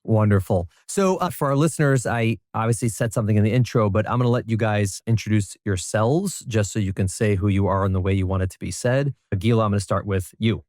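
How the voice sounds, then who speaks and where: A man's voice: lowish voice, a little fast, few pauses, darkish tone, no echo, studio quality. A man hosting a podcast interview over a phone call, upbeat and chatty. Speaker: podcast host, doctor.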